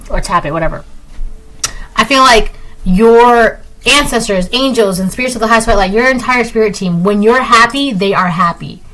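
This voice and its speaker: A woman's voice: medium pitch, a bit bright, low-quality recording. Chatty woman reading tarot. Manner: chatty, repetitive, tags lines with "right?". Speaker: tarot reader. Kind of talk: casual collective tarot reading.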